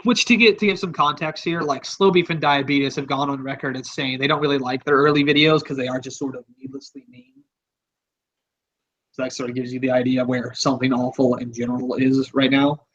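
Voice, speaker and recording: A man's voice: mid-range voice, fairly even intonation, brisk, a bit bright, muffled recording. A man hosting a podcast, talking in a rambling, offhand, casual way and swearing freely. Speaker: podcast host.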